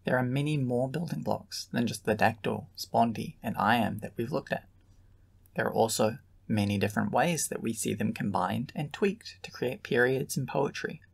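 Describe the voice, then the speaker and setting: A man narrating a scripted lesson, with calm, measured explanation. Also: mid-range voice, vocal fry, husky. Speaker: lecturer.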